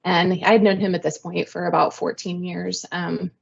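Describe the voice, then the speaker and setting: This interview guest, a woman in her thirties, speaks at normal speed with a fairly low, creaky voice and a level tone. Chatty and self-deprecating, she recounts her career with many ums, captured in slightly dull lo-fi sound.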